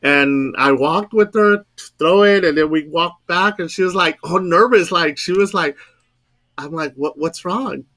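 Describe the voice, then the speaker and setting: A man's voice: on the high side, unhurried, fairly bright tone. A man casually telling a ghost story, rambling and repeating words, acting out quoted dialogue. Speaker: guest storyteller.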